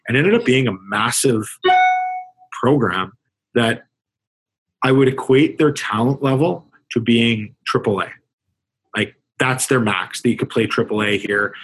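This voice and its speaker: In a relaxed interview, a hockey coach from Canada talks through his time coaching, thoughtful and prone to frequent restarts. He speaks at normal speed with a medium-pitched voice that is a bit bright yet husky, captured on poor audio.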